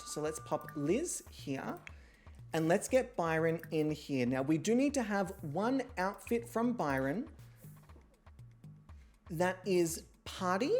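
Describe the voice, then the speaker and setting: A woman hosting a livestream, chatting casually, swearing freely and poking fun at herself, with sudden loud excited outbursts. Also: on the low side. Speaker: streamer hosting an online reality show.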